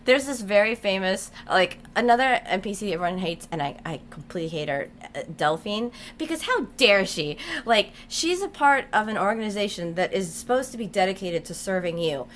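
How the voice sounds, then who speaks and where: A woman's voice: mid-range voice, lively intonation, a little fast, a bit bright, slight background noise. A woman guest on a podcast, chatting casually and animatedly, giggling often, with lots of fillers. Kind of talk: casual chat.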